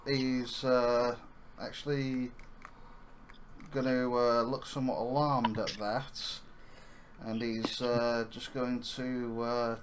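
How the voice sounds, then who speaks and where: A man's voice: mid-range voice, little pitch movement, slow, slight background noise. A man playing a tabletop game, describing what his character does in a hesitant way full of fillers. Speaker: player.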